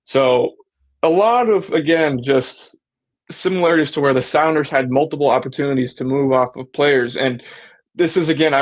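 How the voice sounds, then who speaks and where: A man hosting a casual sports fan show, talking animatedly and slipping into mock voices when he quotes people. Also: on the high side. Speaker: sports podcast host.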